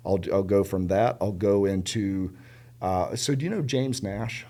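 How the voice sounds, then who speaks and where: A middle-aged man from South Carolina speaks in a fairly low voice as a podcast guest. He tells stories casually and animatedly, leaning on words with repetition and slipping into the voices of the people he quotes. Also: a little slow. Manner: animated, acts out quoted dialogue; emphatic, repeats words for stress. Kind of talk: casual storytelling conversation.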